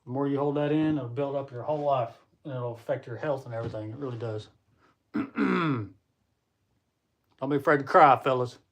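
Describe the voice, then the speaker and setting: A man's voice: mid-range voice, normal speed, long pauses. Guy rambling on his livestream, chatting w viewers and laughing a lot. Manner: talks to viewers while reading comments. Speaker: livestream host. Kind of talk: casual live-stream chat.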